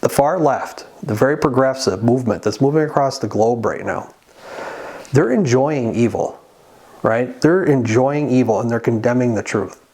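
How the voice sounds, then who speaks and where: A man preaches in a relaxed, conversational way, as if talking straight to the viewer. He stops often to read passages of scripture aloud, then explains them in plain words. His voice sits at an ordinary middle pitch. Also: moderate pace. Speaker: Christian channel host. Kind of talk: sermon-style monologue.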